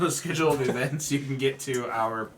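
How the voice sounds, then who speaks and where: Laid-back male co-host, middling voice, mid-range pitch, announcements over audible background noise and clicks. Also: moderate pace. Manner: chatty, laid-back, stumbles over words. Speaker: co-host making channel announcements. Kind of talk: casual live-stream announcements.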